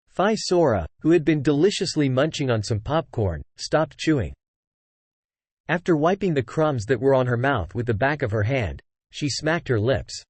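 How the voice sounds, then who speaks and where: A man reading a fantasy web novel aloud as scripted audiobook narration, with steady storytelling and small shifts for the dialogue. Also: mid-range voice, normal speed, no echo.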